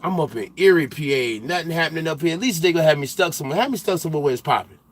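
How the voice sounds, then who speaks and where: A young man hosts a trucking livestream, trading banter with his viewers in heavy slang. His voice sits a little on the high side, and he gets loud and animated when he teases the chatters. Between the jokes he talks plainly and casually about life on the road. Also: rapid-fire. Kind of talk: casual livestream chat, reading viewer comments.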